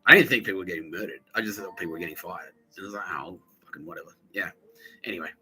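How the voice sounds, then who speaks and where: Aussie guy in his 30s ranting on his podcast, swears a lot, slips into loud silly voices for other people, bright sharp tone. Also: low voice, racing, faint music behind, rough recording. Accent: Australian. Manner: rambling, profane, animated quoted voices. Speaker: podcast host. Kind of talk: casual storytelling monologue.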